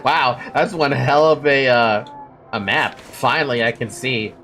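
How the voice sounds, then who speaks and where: A woman's voice: very deep voice, measured pace, a bit bright, soft background music. A woman streaming a game, reading its text aloud and joking between lines with giggly, self-deprecating asides. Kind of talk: casual live-stream commentary.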